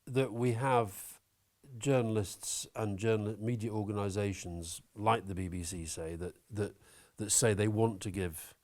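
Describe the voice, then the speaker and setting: A man talking as an interview guest, opinionated and animated, swearing now and then. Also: lowish voice, measured pace, hardly any pauses. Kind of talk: conversational interview.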